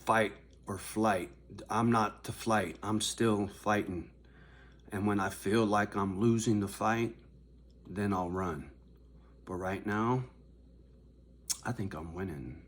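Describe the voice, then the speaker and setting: A man's voice: takes it slowly, long pauses. Profane older man ranting to camera. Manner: confrontational, profane, swings from low muttering to raised shouting. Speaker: vlogger addressing his viewers. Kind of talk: angry direct-to-camera rant.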